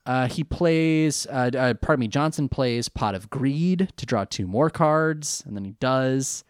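Casual male podcast co-host, lively pitch and playful delivery, dry close mic. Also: unhurried, smooth, no room sound. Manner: animated, breaks into goofy character voices and laughs. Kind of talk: casual chat recapping a show.

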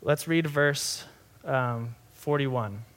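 A man's voice: mid-range voice, very slow, a bit bright. A young adult man giving a sermon in a conversational, earnest way, often restarting phrases and saying "like". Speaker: pastor.

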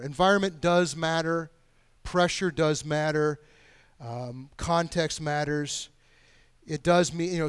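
A man preaching a sermon, pleading with his listeners and swinging between hushed, quiet stretches and loud, emphatic lines. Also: sits high, clear, resonant tone, dry recording. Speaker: pastor.

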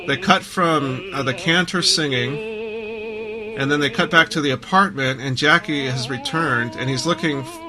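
A man's voice: mid-range voice, normal speed, poor audio. Man musing over a film, with music. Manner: thoughtful, repeats words while finding thoughts. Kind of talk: casual film discussion.

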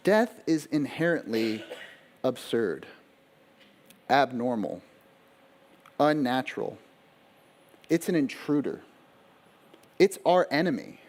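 A man preaching a sermon at a middle pitch, talking casually to his listeners. He checks in with them often, repeats a phrase to stress it, and shifts between slow, weighty phrases and quick asides. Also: expressive, darkish tone. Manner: conversational preaching with frequent rhetorical questions. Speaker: pastor.

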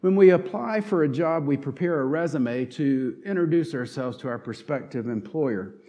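A man's voice: fairly high pitch, moderate pace, warm tone. A middle-aged man with a Southern accent from North Carolina, preaching a sermon in an earnest, folksy way with frequent "uh" fillers. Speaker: lay preacher.

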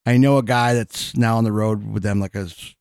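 A man's voice: fairly low pitch, steady tone, normal speed, a little mellow, clear, resonant tone, dry recording. A man co-hosting a podcast in casual chat, rambling and hesitant, often restarting his sentences. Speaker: podcast co-host.

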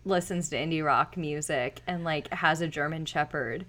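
A young woman co-hosting a podcast in casual chat, animated and laughing, leaning on "like" as filler. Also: low-pitched, normal speed. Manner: animated, laughing, heavy use of "like". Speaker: podcast co-host.

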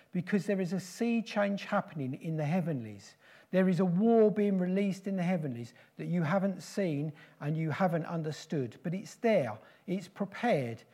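A man preaching a prophetic sermon in slow, solemn, repeated declarations. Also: a little high, mellow.

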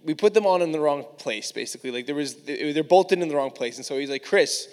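A man's voice: on the high side, animated, fast, a little mellow. A male preacher telling a personal story to his church in a candid, casual way, full of "like". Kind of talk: storytelling sermon. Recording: long reverb of a large hall.

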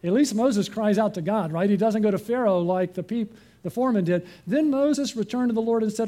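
A man's voice: high voice, brisk, mellow. A man preaching a sermon, reading scripture and asking his listeners questions. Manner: earnest, asks the congregation questions.

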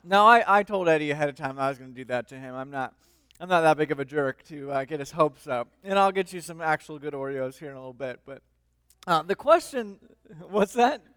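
A man preaching a sermon in a relaxed, conversational manner, often pausing on fillers and restarting his sentences. His voice sits high for a man. The sound is dry and close, with no room echo. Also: smooth. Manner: reads scripture aloud. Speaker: lead minister.

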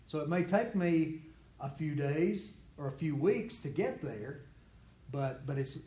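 A man with a mid-range, darkish voice leads a Bible study class, teaching earnestly and conversationally and praying aloud in the first person. The room is echoey, with faint background noise.

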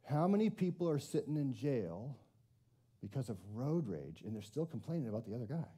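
A man's voice: medium pitch, very animated, brisk, mellow, husky. A man preaching a conversational sermon to his congregation, self-deprecating and often asking them questions. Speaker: pastor.

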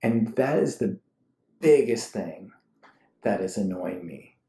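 A man in his thirties co-hosting a podcast from home, his voice mellow and dark even when he gets worked up. He talks in an animated, ranting way, and the room around him sounds echoey. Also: lowish voice, takes it slowly. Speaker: podcast co-host. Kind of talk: casual chat with spouse. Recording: roomy home recording.

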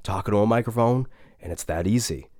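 A man, a voice actor and podcast co-host, telling an animated, rambling story with some swearing in casual chat. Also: lowish voice, fast, no echo, clean studio sound.

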